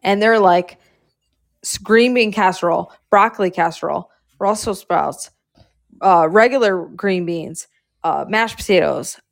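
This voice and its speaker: A woman's voice: mid-range voice, unhurried, creaky. A woman hosting a casual chat, rambling with lots of "like" and casual swearing. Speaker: host.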